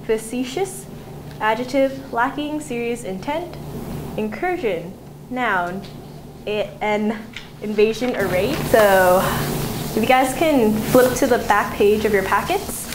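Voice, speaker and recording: A woman's voice: a little high, takes it slowly. A teenage girl giving a student presentation to her classmates, taking them through words and asking them to repeat after her. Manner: instructive, leads repeat-after-me drills. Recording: echoey classroom with noise.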